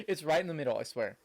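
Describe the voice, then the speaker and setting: A man's voice: a little high, vocal fry, darkish tone. A young man from Nebraska, rambling casually to his live-stream chat with lots of fillers. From Nebraska, USA. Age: young adult.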